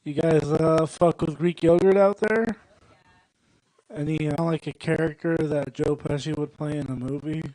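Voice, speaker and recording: A young man doing a stand-up set at a comedy club, rambling and working the crowd with deadpan asides. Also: fairly high pitch, moderate pace, dry recording, poor audio.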